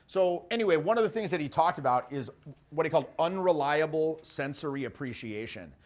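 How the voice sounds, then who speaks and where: A man teaching social skills in loose, conversational talk. His voice sits a little high, and he keeps it lively, with quick acted-out quotes and the odd swear. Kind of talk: casual spoken teaching.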